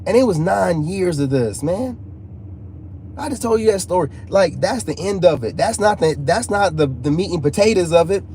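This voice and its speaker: A man's voice: sits high, expressive, moderate pace, warm tone. A man telling a personal story to viewers in casual, emphatic talk full of slang and repeats. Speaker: channel host. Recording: faint background noise.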